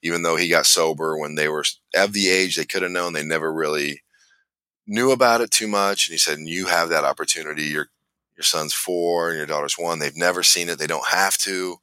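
A man's voice: low voice, steady tone, fairly quick, sharp tone, smooth, dry recording. A man hosting a podcast, telling a long personal story in a rambling way with many restarts. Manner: rambling, restarts often, laughs while telling. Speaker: podcast host. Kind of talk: casual storytelling chat.

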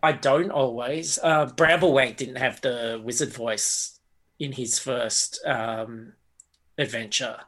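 A man's voice: medium pitch, steady tone, takes it slowly, a bit bright. A man, a game master chatting in an interview, thinking aloud with lots of fillers and restarts. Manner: reflective, rambling, with many fillers and restarts. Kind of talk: casual interview chat.

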